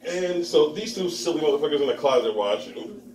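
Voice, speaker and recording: A man's voice: fairly high pitch, very animated, a little slow. A man in his thirties telling a rambling stand-up story at an open mic, laughing at his own jokes and acting out the people in it. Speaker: stand-up comedian. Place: bar with live audience. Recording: roomy distant mic with crowd.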